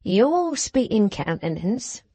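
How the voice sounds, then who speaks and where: A woman voicing a pompous, scheming older man who talks in florid, drawn-out, wheedling phrases. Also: mid-range voice, sing-song, dark tone, husky, no room sound, full character voice.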